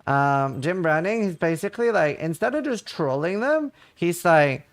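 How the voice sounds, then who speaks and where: Guy streaming a game, rambly casual chat with tons of "like", kinda high voice. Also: sing-song, moderate pace, dry recording. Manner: rambling, lots of filler "like". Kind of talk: casual livestream chat while gaming.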